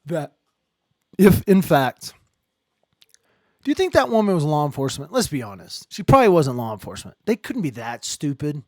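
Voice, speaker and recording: A man hosting a casual live stream, rambling and joking, swinging between low muttering and loud outbursts. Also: sing-song, moderate pace, long pauses, no room sound, studio quality. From Ireland.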